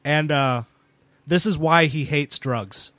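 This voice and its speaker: A young man tells loose, rambling stories on a casual podcast, padding them with fillers. His voice sits a little high for a man. The sound is dry and close, with no room echo. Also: takes it slowly, a bit bright. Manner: rambling anecdotes with many fillers. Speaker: podcast co-host. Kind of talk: casual storytelling chat.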